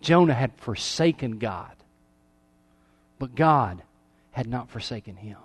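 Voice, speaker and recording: A middle-aged male pastor preaching a sermon, swinging between emphatic raised calls and soft, quiet lines. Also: medium pitch, animated, slow, slightly rough.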